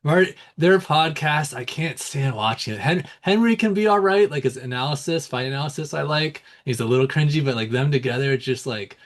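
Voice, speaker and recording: A man's voice: on the high side, brisk, hardly any pauses. A man co-hosting a sports podcast in casual chat, laid-back, chuckling between points. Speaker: podcast co-host.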